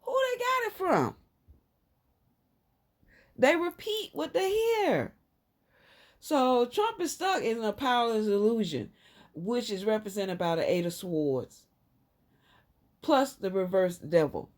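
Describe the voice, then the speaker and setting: A woman with a Southern US accent giving a casual tarot reading, talking in an emphatic, rambling way that jumps up high and loud when she makes a point. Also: animated, measured pace. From Southern United States. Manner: emphatic, rambling, frequent sudden jumps up in pitch and loudness. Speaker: tarot reader.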